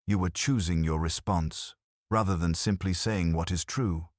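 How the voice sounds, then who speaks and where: In a studio-quality recording with no echo, a low-pitched man at normal speed lightly acts the part of an elderly woman detective. His sleuth is gentle, shrewd, and unruffled, her conversational tone light, pleasant, and probing.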